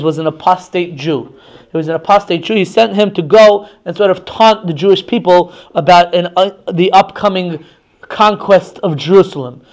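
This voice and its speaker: Man, religious text class, high voice, casual restarts, checks in with listeners. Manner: conversational, frequent restarts, checks in with "right?". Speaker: religious teacher.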